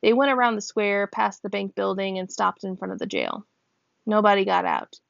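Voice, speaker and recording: A woman reading a novel aloud, lifting her pitch a little for the characters' lines, at times stopping to check how a word is said. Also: sing-song, moderate pace, creaky, fairly bright tone, dry recording. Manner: voices characters with small pitch lifts; stops to check a word's pronunciation and laughs. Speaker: reader. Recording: dull, dry close recording.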